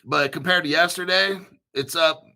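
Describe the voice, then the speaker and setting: A man hosting a casual crypto livestream, rambling excitedly with frequent laughs and restarts. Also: fairly high pitch, normal speed, creaky.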